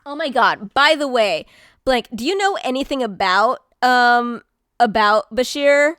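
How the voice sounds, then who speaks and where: A woman streamer chatting casually and excitedly, rambling, swearing now and then and answering chat, while hiccuping. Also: fairly high pitch, unhurried, clear, resonant tone, no room sound, studio quality.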